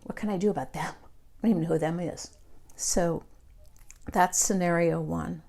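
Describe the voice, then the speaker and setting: Calm woman leading a meditation talk. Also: lowish voice, normal speed, gravelly. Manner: calm, reflective, candid with casual swearing. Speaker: meditation group leader.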